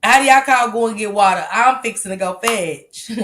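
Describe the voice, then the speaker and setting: A woman hosts a live stream, chatting loosely with her viewers. She talks in a relaxed, easygoing way, swears freely and laughs often. Her voice sits at a middle pitch. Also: normal speed, slight background noise. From American South. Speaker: livestream host. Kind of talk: casual live-stream chat reading comments.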